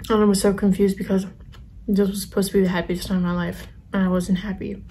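A young woman speaks in a soft, halting, confessional way, pausing often with ums. Her voice is mellow and warm and stays fairly level in pitch. A faint hum of room noise sits under her voice. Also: flat delivery. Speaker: vlogger. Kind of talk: personal storytelling while eating.

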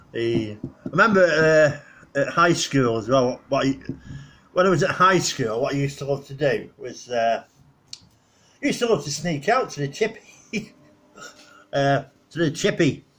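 Husky middle-aged man rambling. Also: medium pitch, lively intonation, slow pace, pauses often, a bit bright. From northwest England. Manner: rambling, full of "you know" and "uh", laughs at his own stories. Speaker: vlogger. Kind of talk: casual rambling reminiscence.

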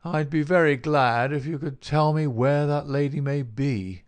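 A man's voice: fairly high pitch, a little slow, voice pushed up, close to an everyday voice. A man voicing a big, bald, unctuous male swindler in an audiobook, his talk oily and mocking. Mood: smooth, dismissive. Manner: oily, made-everything-easy talk. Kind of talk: audiobook character reading.

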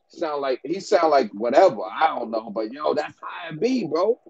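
A man's voice: fairly high pitch, gravelly, darkish tone, lo-fi sound, a little hiss or hum. A man who breeds dogs, giving business advice in a casual rant to the camera, slangy and repetitive, often ending lines with "bro" and "man".

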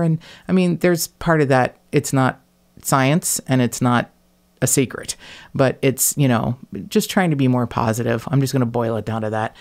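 A woman hosting a podcast in casual chat, talking in an animated, blunt way, swearing freely and laughing between words. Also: rumbling low, normal speed. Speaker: podcast host.

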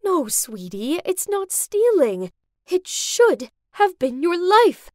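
A woman voicing a soft, protective middle-aged mother in an animated story. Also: very high-pitched, slow pace, no room sound, studio quality, full character voice. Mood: pleading.

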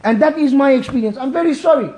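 A man from Malawi delivering an emotional Friday sermon, impassioned and pleading, at times near shouting. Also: very high voice, fast. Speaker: preacher. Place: mosque. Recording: echoey mosque hall.

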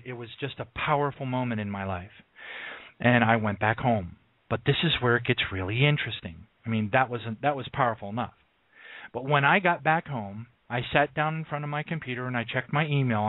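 A devout man hosts a Christian radio show from his home, telling a story in loose, rambling sentences peppered with praise. His voice comes through a narrow, phone-like line, dry and close with no room sound. His pitch sits at an ordinary middle. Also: no room sound.

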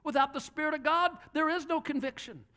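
High-voiced man preaching a lively sermon. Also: brisk. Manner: animated and joking, acts out little dialogues. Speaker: pastor. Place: church platform before a congregation.

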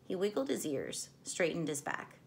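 A woman reading a chapter book aloud to children in a gentle, clear storytelling voice. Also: fairly low pitch, sing-song, normal speed, slight background noise.

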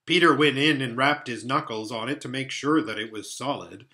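A man reading a children's novel aloud, expressive and animated as narrator. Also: medium pitch, normal speed. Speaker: storybook reader. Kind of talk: storybook read-aloud.

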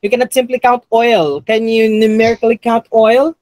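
A man's voice: extremely high pitch, flat delivery, moderate pace, noisy background. Filipino male teacher quizzing a class. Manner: quizzing a class, mixing in Tagalog. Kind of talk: classroom review lecture.

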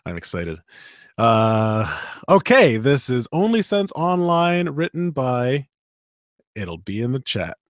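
A man's voice: medium pitch, sing-song, takes it slowly, no room sound, clean studio sound. A man audiobook narrator chatting easily on a livestream and reading narration. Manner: easygoing and agreeable. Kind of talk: casual chat, then reading narration.

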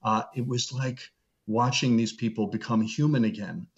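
A middle-aged man, a seminary professor, speaking as an interview guest and telling stories earnestly, slowing down to stress a point. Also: mid-range voice. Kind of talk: reflective interview storytelling. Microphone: video call. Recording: dull lo-fi video call audio.

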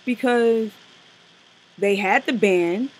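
A woman co-hosting a casual review chat, blunt and animated, with slang and profanity. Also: a little high, slow, rough recording. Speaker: co-host reviewing a TV special.

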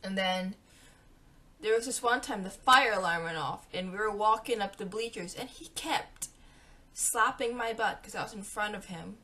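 Young woman doing a storytime vlog, bright voice, chatty, acts out her friends lines. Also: mid-range voice, normal speed. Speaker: vlogger.

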